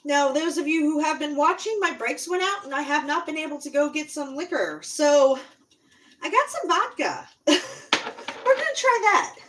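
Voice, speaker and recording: A woman's voice: high voice, very animated, moderate pace, a bit bright, slight background noise. A woman hosting a casual cooking livestream from her home kitchen, rambling to her viewers as she works and now and then stepping away from the mic. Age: adult, parent. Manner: chatty, rambling, talks to viewers while cooking; moves around, sometimes steps away from the mic. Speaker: cooking channel host.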